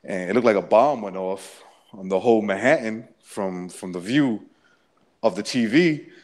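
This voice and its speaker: A man's voice: fairly low pitch, moderate pace. A man casually recounting a personal story, rambling with many restarts and frequent swearing. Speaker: interviewee.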